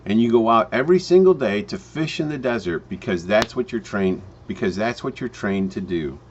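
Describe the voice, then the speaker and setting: A man telling a home-business parable in a storytelling manner, with slow emphatic phrasing and frequent restarts. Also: on the low side, expressive, slight background noise. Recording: dull lo-fi recording.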